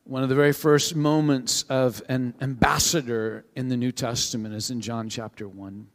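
A male pastor giving a sermon to his congregation in a conversational, animated way, with frequent restarts. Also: medium pitch, moderate pace. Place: church sanctuary with a live congregation. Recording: long hall reverb.

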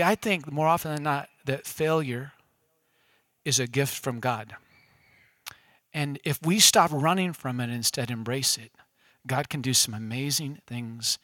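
Bright, conversational male pastor. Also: medium pitch, no room sound, studio quality. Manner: conversational, engages the audience with questions. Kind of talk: casual sermon. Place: church room with an audience.

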